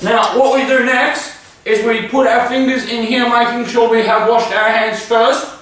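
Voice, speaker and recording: A high, sing-song voice of a childish man-child cook, as a man puts him on, explaining each step slowly and earnestly. It is recorded far from the mic in a very echoey room. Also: level tone, a bit bright, a little hiss or hum. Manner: slow, earnest, demonstrative kitchen-show explaining. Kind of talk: parody cooking segment.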